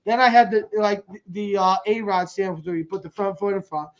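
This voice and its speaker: A middle-aged man co-hosting a sports podcast, telling rambling stories with excitement and laughing as he goes. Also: high voice, normal speed. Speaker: podcast co-host. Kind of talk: casual chat, storytelling. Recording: dull lo-fi sound.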